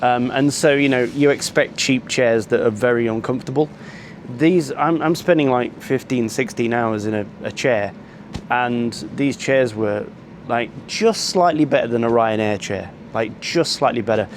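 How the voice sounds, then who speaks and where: A man's voice: medium pitch, moderate pace, slight background noise. A man, telling a rambling travel story to camera and complaining at length, with frequent ums and restarts. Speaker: travel vlogger.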